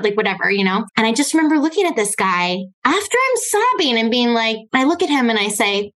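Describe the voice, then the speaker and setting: A woman's voice: a little high, lively intonation, moderate pace, few pauses, fairly bright tone, rough recording. A woman from Arizona, a podcast guest telling her own story candidly in a chatty way, full of "like" fillers and small laughs. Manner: chatty, frequent "like" fillers, laughs between phrases.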